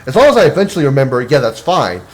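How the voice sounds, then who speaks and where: A man's voice: medium pitch, very animated, racing. A man streaming a game, chatting casually and rambling with lots of restarts. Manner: rambling, many restarts and fillers. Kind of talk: casual chat while gaming.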